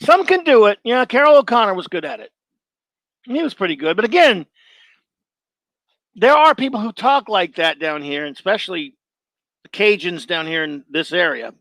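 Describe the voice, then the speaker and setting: Higher-voiced middle-aged man, blunt. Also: big pitch swings, normal speed, pauses often, fairly bright tone, no echo. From Louisiana. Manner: blunt and opinionated, rambling with restarts. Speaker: show host. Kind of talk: casual live-show monologue, answering chat.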